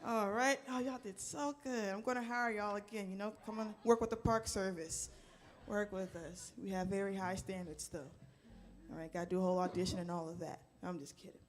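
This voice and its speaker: A woman's voice: medium pitch, steady tone, brisk. A woman park ranger and band singer leading an audience in a call-and-response singalong, with encouraging, playful, half-sung calls, on a stage mic. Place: live jazz performance indoors. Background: live jazz band.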